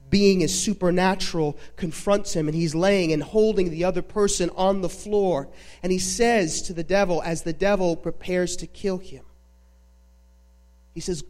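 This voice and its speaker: A man preaching a sermon, dramatically retelling a film with emphatic pauses. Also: high voice, darkish tone. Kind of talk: sermon storytelling.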